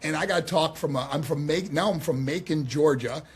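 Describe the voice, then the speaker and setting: A man in his sixties from New York, a guest on a podcast, telling animated stories and acting out the quotes. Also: fairly high pitch, normal speed, slightly rough. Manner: animated, acts out quotes, laughs often. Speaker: guest, former pro wrestler. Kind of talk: storytelling in a podcast conversation.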